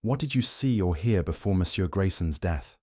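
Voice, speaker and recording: A man's voice: deep voice, lively intonation, normal speed, warm tone, no echo, studio quality. A man reading the part of a shrewd, stern older Belgian detective who presses his questions in a commanding way. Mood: pressing.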